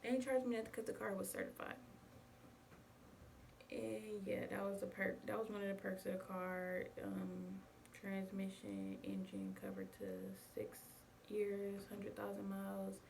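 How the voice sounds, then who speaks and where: Telling a story to her viewers, whom she calls y'all, a young vlogger talks casually in an animated, measured way. Her voice is medium-pitched, creaky and darkish, and a distant mic catches faint background noise.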